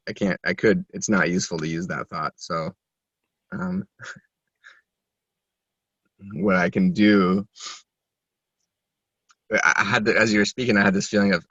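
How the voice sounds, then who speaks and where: A man's voice: low-pitched, fairly bright tone, husky, no room sound. A man being coached, talking through his feelings in an introspective way and searching for words. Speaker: coaching client. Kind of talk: reflective conversation. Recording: dull, dry lo-fi audio.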